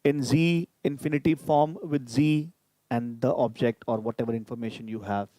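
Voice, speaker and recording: A man's voice: medium pitch, steady tone, normal speed, warm tone, dry recording. A man teaching a live online grammar lesson, explaining patiently and repeating each example. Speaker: language teacher.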